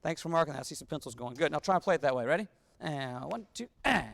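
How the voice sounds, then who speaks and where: A conductor with a voice on the high side races through instructions to his wind band, singing rhythms on syllables and coaxing their phrasing. It's recorded via wireless body mic in a large rehearsal hall with long reverb and band music behind.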